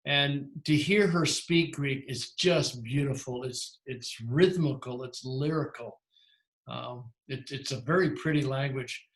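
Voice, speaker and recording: A man's voice: medium pitch, unhurried, echoey room. A man teaching a language class, explaining at length with frequent restarts and self-corrections. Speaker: Greek teacher. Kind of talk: lecturing in a class.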